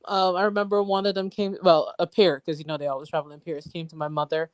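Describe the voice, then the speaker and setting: A woman calls in and answers thoughtfully, turning the question over as she talks. Her voice is fairly low for a woman and sounds dry and close. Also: level tone, quick pace, no echo. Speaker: caller.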